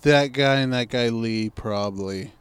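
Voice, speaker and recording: A man's voice: medium pitch, a little slow, smooth, no echo. A man co-hosting a podcast, talking in a laid-back, slangy and rambling way. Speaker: podcast co-host. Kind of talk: casual podcast chat.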